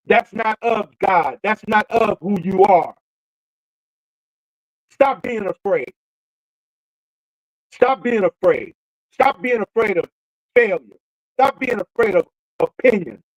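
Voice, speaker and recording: A man's voice: very high-pitched, a bit bright, no room sound, poor audio. A man hosting a show, giving a preacherly motivational talk and repeating phrases for emphasis. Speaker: show host.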